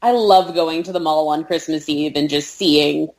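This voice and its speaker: A woman's voice: low voice, moderate pace, darkish tone. A woman co-hosting a casual podcast chat with a dry, sarcastic manner. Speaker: podcast co-host.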